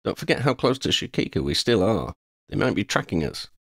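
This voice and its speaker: A steady, sensible young wizard who offers advice with a dry sense of humor, as voiced by a man reading aloud. He sounds close to the reader's own voice, with a gravelly edge, in a dry close recording. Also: lowish voice, dry recording, pitched above the performer's own voice, heavily acted. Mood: measured. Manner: dry, measured.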